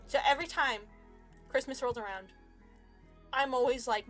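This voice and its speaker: A woman's voice: high voice, moderate pace, long pauses, a bit bright, soft background music. A woman streamer chatting casually and rambling, joking and laughing often. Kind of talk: casual chat.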